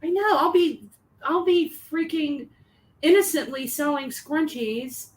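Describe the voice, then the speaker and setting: Slow-talking high-voiced woman. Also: poor audio. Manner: animated, laughs often, teasing. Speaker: co-host of a live stream chat. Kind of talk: casual live-stream chat.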